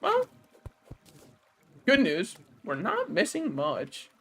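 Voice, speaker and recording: High-voiced joking young man streamer. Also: wildly swooping pitch, slow pace, vocal fry, a bit bright, slight background noise. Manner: joking, rambling, laughs at own jokes. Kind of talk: casual gaming stream chat.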